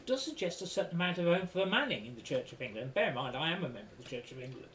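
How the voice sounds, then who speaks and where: A man's voice: a little high, big pitch swings, very fast, a bit bright, a little hiss or hum. A man guest on a political podcast, making dry, wry remarks. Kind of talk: casual political discussion. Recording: roomy and distant from the mic, faint ambience.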